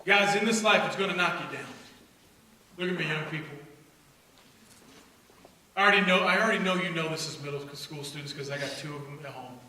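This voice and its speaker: A middle-aged man giving an energetic faith talk to young people, with loud bursts and low, intense asides. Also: a little fast, long pauses, slight background noise. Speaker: speaker at a youth faith event. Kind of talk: energetic motivational talk to students. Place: church hall. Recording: echoey hall recorded from far off.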